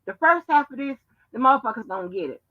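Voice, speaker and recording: A woman's voice: high voice, lively intonation, fast talker, sharp tone. A woman hosting a live stream, ranting brashly with heavy cursing and taunts at her listeners. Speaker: show host. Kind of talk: profane live-stream rant. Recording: dull lo-fi stream audio.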